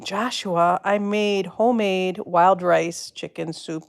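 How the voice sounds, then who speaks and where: Chatty Wisconsin woman with a gravelly voice. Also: fairly low pitch, steady tone, slow. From Wisconsin, USA. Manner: chatty, answers viewers' comments by name. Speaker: livestream host. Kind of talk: casual live-stream chat.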